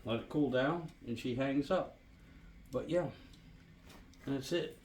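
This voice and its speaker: A man's voice: medium pitch, slow pace, slight background noise. Chatty man savoring food on camera. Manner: relaxed, chatty, savoring food with murmurs and apologies. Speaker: DIY channel host. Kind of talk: casual cooking vlog chat. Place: home kitchen by a woodstove. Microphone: phone camera.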